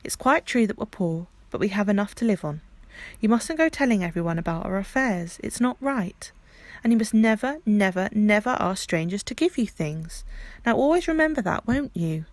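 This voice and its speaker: A woman's voice: medium pitch, lively intonation, normal speed, no room sound, natural voice. A woman reading as a firm, loving storybook mother. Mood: earnest, firm. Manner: firm and earnest, then softening. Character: loving but stern mother scolding her children.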